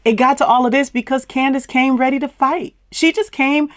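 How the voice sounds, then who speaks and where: A woman's voice: sits high, moderate pace, no room sound, clean studio sound. A woman hosting a casual recap channel, sassy and emphatic, with slangy turns of phrase and mocking laughs. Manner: sassy, emphatic, uses southern slang like "plumb fool". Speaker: commentary channel host. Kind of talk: casual reality-TV recap commentary.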